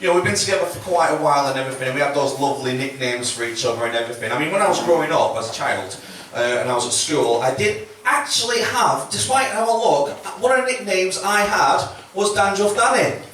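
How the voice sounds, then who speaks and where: A man's voice: a little high, lively intonation, quick pace, hardly any pauses, fairly bright tone. A man doing a chatty, swearing stand-up set, often acting out quotes. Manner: chatty, swearing, self-mocking, acts out quotes. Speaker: stand-up comedian. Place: comedy club stage. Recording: echoey room, mic from a distance, faint noise.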